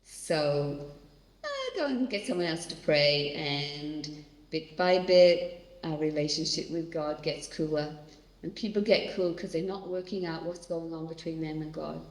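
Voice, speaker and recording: Woman seminar speaker, lowish voice, earnest and direct with the crowd, long hall reverb. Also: expressive, a little slow. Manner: earnest, talks directly to audience members. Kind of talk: conversational church teaching. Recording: echoey hall.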